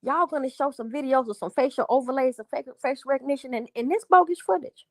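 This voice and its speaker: Her voice is high and she talks fast, captured with no echo in studio quality. As a livestream host, the woman unloads on her viewers in an angry, profane, repetitive rant, speaking to chat as "y'all."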